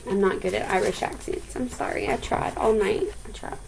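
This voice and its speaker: A woman's voice: medium pitch, normal speed, gravelly, few pauses, a little hiss or hum, low-quality recording. Woman teacher reading a story aloud. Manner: chatty, asks the listeners questions.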